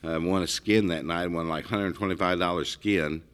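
A middle-aged man with a very deep, low voice tells stories in an easygoing, rambling chat. He restarts his sentences often and wanders from one detail to the next. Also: steady tone, moderate pace, a bit bright, clean tone. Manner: rambling, storytelling, frequent restarts. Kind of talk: casual conversation.

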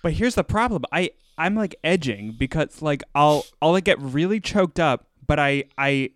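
A man's voice: fairly high pitch, animated, normal speed, clear, resonant tone, no echo, clean studio sound. A man co-hosting a podcast, rambling casually with many fillers and jokes. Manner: rambling, filler-heavy, jokey. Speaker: podcast co-host. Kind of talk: casual chat.

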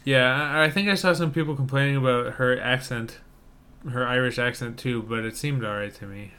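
A man's voice: medium pitch, fairly quick, pushed and bright, smooth. A man co-hosting a casual podcast, chatting about movie trailers with wry, joking banter. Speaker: podcast co-host.

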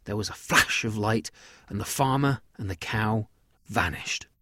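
A man telling his own children's sci-fi story in a lively, gentle way. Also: on the low side, measured pace, no room sound, studio quality.

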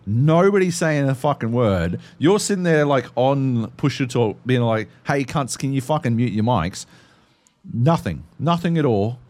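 Man with a lively, swearing ramble. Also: fairly high pitch. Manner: profane, rambling storyteller. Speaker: podcast co-host. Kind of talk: casual chat.

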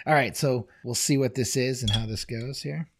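A man's voice: medium pitch, normal speed, a crowd in the background. A middle-aged man co-hosting a casual podcast, talking in an easygoing, rambling way. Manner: easygoing, rambling, frequent fillers. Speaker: podcast co-host. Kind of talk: casual chat.

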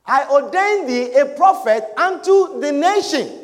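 A man preaching a sermon with slow, emphatic delivery, shouting his key points and drawing amens from the congregation. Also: very high-pitched, animated. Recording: long reverb of a large hall.

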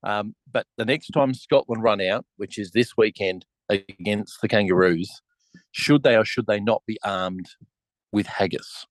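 A man's voice: fairly low pitch, measured pace, no room sound, low-quality recording. A man hosting a casual podcast chat over a remote call, asking questions in a wry, mock-serious way. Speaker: podcast host.

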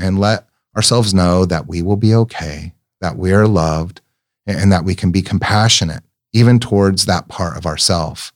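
A middle-aged man giving an earnest, reflective sermon-like talk, telling personal stories gently and often repeating words as he searches for them. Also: sits low.

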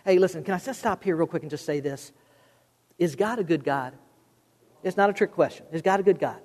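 A man's voice: sits high, a little fast, a little mellow, in a large hall. A man preaching a sermon as pastor, conversational and humorous, repeating words as he goes.

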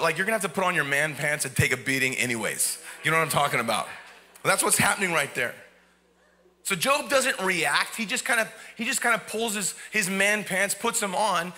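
A man's voice: high-pitched, sharp tone. A man preaching a sermon from a church, impassioned, rising into cries when he voices believers' words. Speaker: pastor. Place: church sanctuary.

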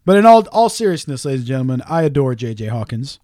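A man's voice: mid-range voice, big pitch swings, fast talker, mellow, no room sound. Man, podcast host, profane teasing banter, dry close sound. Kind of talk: casual crude banter.

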